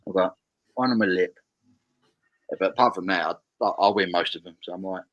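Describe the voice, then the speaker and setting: A man's voice: deep voice, brisk, fairly bright tone, highs cut off. A man from England hosting a casual live stream, reading viewer comments aloud with frequent stammered restarts.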